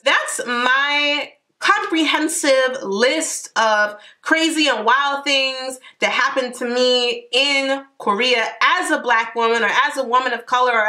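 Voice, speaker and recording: A sassy woman vlogging straight to camera, with a high voice and a quick, slangy delivery. Her tone is bright and forceful, and she punches her points with emphasis and laughing asides. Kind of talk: casual storytelling to camera.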